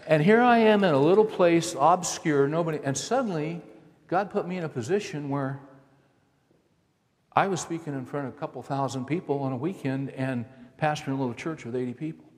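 A man's voice: fairly high pitch, a little fast. A middle-aged man, a pastor preaching a conversational, storytelling sermon. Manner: conversational, acts out quoted dialogue with lively shifts. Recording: long reverb of a large hall.

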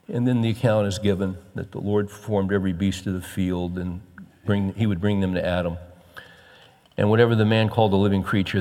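A man preaching a sermon as pastor, folksy and animated, with soft chuckles. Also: lowish voice, in a large hall.

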